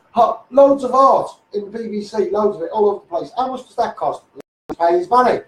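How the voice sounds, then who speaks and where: A high-pitched, darkish voice belongs to a man with a Scouse accent who styles himself a campaigner. He vents heatedly on a live stream, looping back over his points and peppering them with "mate" and "you know what I mean." The mic is distant, and the room echoes around him.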